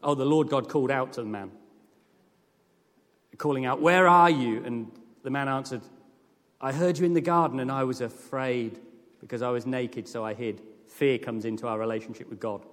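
A man preaching a sermon with earnest, lively emphasis that rises to emphatic peaks. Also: mid-range voice, brisk. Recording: long hall reverb.

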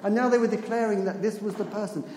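A man preaching a sermon, telling stories in an animated way and laughing at his own asides. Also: high voice, quick pace, slight background noise. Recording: echoey hall with long reverb.

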